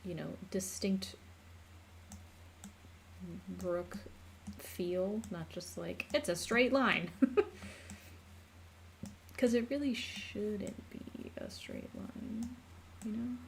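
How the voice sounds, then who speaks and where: A woman's voice: mid-range voice, huge pitch swings, drawn-out words, gravelly, long pauses, dark tone, a little hiss or hum. An American woman streaming casually at home, chatting and laughing with viewers and her pets while she draws a map. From United States. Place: home room.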